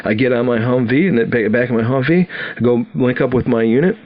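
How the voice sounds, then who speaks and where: A man's voice: medium pitch, fast. A man in his sixties from Wisconsin, telling his own story on a podcast, acting out the dialogue and often restarting his sentences. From Wisconsin, USA. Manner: animated storyteller, acts out dialogue, frequent restarts. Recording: dull lo-fi audio.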